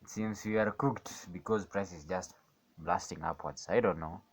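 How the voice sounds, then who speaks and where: A man in casual live commentary on his own trade, rambling and questioning himself, moving between calm chart talk and excited outbursts. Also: low-pitched, normal speed, breathy edge. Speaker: day trader narrating his screen.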